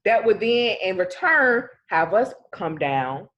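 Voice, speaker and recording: A woman co-hosting a casual podcast chat, talking in an animated way and acting out scenarios as she speaks. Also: medium pitch, slow pace, dull audio. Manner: animated, acts out scenarios in speech. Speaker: podcast co-host.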